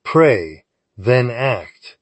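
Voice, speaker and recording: Man, devotional host, unhurried, earnest, dry close recording. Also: mid-range voice, big pitch swings, husky, no echo. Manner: earnest, addresses the listener directly. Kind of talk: scripted daily devotional.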